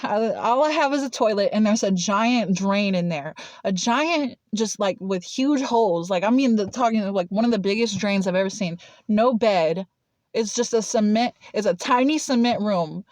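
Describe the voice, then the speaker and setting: A woman's voice: medium pitch, moderate pace, darkish tone, dry recording. A young woman telling a personal story in casual chat, blunt and swearing freely, with lots of "like" fillers.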